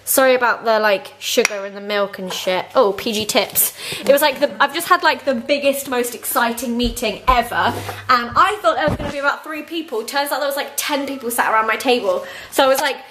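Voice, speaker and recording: A woman's voice: a little high, brisk, hardly any pauses. A young woman vlogging in a giggly, chatty way. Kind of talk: casual vlog chat. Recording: noisy handheld vlog audio.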